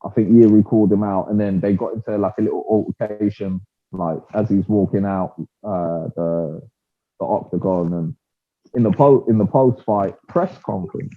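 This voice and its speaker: A man, chatting about fights in a loose, slangy and animated way. His voice sounds a little husky. The audio is narrow and tinny, like a phone line. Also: on the low side, moderate pace. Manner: slangy, animated, peppers speech with "bruv". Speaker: podcast co-host. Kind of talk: casual fight-talk chat.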